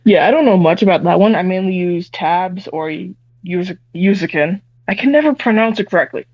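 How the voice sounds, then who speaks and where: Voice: mid-range voice, animated, fairly quick, dry recording. Musician guest, casual, easy laugh, muffled dry line audio. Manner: laid-back, short replies, laughs easily. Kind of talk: casual interview chat.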